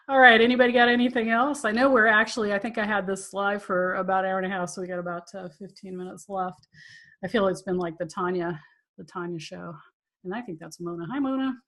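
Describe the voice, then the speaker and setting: A woman who teaches tantra hosts a live Q&A, telling stories to her audience in a chatty, self-mocking way and laughing often. Her medium-pitched voice is steady, fairly quick, and a bit bright.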